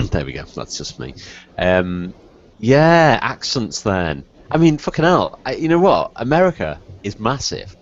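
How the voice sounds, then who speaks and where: A man from the Wirral with a softened Liverpool accent, rambling and swearing freely as a casual podcast host. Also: on the low side, wildly swooping pitch, unhurried. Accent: Wirral Liverpool English. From the Wirral, England. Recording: dull lo-fi podcast audio.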